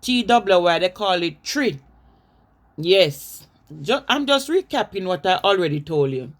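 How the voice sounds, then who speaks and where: A woman's voice: fairly low pitch, very animated, measured pace. A woman with a Jamaican accent gives an informal talk on culture, telling stories with restarts and now and then slipping into patois. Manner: warm storytelling with restarts and slips into patois. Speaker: cultural educator.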